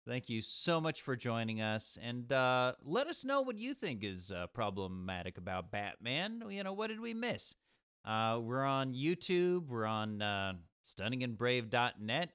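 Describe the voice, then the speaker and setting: A man co-hosting a comedic podcast, reading listener comments aloud in a sardonic, deadpan way. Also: mid-range voice, a little slow, clean tone, dry recording, studio quality. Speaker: podcast co-host.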